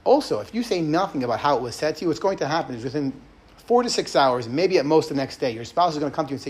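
A man's voice: on the high side, expressive, very fast, slightly rough. A middle-aged man hosting a podcast, talking earnestly and conversationally about marriage and acting out short example quotes. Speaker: rabbi and podcast host. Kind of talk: podcast teaching talk.

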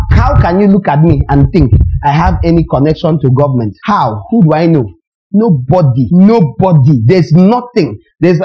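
Male pastor, high but mellow voice, animated sermon delivery, fires rhetorical questions. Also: dull audio.

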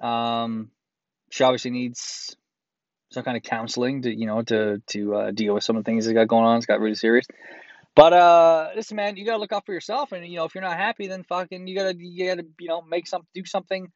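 A man's voice: medium pitch, a little fast, dry recording, muffled recording. A man reads a listener's letter aloud and breaks in with crude, profane, sarcastic comments. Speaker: host reading a listener's letter.

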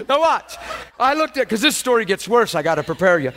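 A man preaching a sermon, telling a personal story in an animated way, often jumping high in pitch and laughing as he talks. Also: fairly quick. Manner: animated storytelling, voice jumps high into quoted cries; laughs through his own story.

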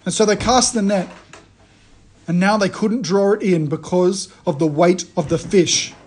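A man giving a conversational sermon, retelling a story in a lively way and often restarting his phrases. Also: high voice, measured pace, husky. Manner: animated storytelling, frequent restarts. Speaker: preacher.

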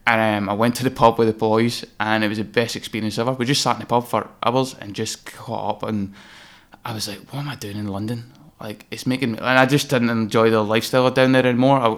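Clear and resonant, this Scotsman's medium-pitched voice carries his stories as a designer guest on a podcast. He's candid and casual in the interview, swearing freely and getting animated as he relives moments.

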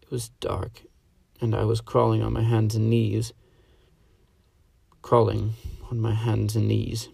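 A man voicing a terrified, resigned man near death who talks low, almost in a whisper, in a storybook reading. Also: fairly even intonation, moderate pace, vocal fry, hardly any pauses, darkish tone, no echo. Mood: whispering terror.

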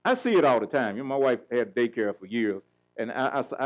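A man's voice: mid-range voice, big pitch swings, fairly quick, rough recording. A middle-aged man preaching a sermon as pastor, calling out questions for the congregation to answer. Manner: call-and-response preaching, asks the congregation questions.

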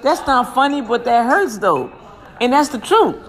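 A woman hosting her own station, giving casual motivational talk and shout-outs, lively and slangy, speaking blessings over listeners. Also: on the high side, measured pace. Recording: music playing behind.

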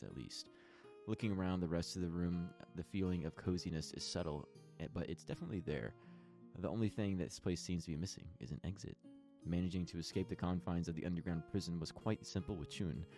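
A very low-voiced man runs a tabletop game, reading long scene descriptions and stopping to fix his own wording as he goes. Guitar music plays clearly under his voice. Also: fast, mellow. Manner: reads descriptions with small stumbles and restarts. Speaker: game master. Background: plucked guitar music.

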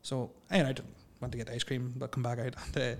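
A man's voice: mid-range voice, monotone, fast. A man, telling a funny story in a rambling, hesitant way with lots of fillers. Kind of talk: casual storytelling.

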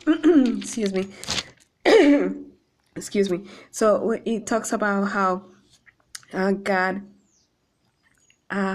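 A woman reading a psalm aloud and then explaining it in an earnest, halting devotional talk full of fillers and restarts. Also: mid-range voice. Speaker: Bible devotional speaker.

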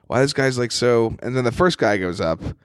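A man's voice: medium pitch, lively intonation, a little fast, clean tone, no room sound, clean studio sound. A young man telling a rambling, profane story in casual chat as a podcast co-host. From New York.

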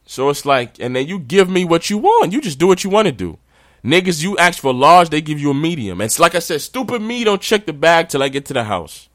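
A man's voice: a little high, brisk, dry recording. Man ranting casually, dry close sound. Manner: animated, ranting, slangy. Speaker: podcast host. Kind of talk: casual podcast rant.

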